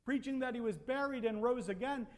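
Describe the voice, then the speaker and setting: A man with a high voice preaches a sermon, posing rhetorical questions and building emphasis. His voice rings with a long reverb, as if in a large hall. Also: brisk.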